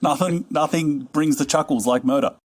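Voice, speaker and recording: A man's voice: on the high side, normal speed. A man, a guest on a movie podcast, joking in a sarcastic tone. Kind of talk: casual podcast chat.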